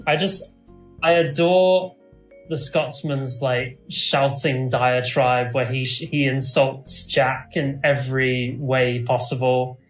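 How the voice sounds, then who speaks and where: A man chatting as co-host of a casual podcast, trailing off and restarting as he gushes. His voice sits at an average pitch and rings in a roomy space. Faint music plays underneath. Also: fairly even intonation, takes it slowly. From half Scottish. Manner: rambling, restarts often, laughs easily. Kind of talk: casual chat.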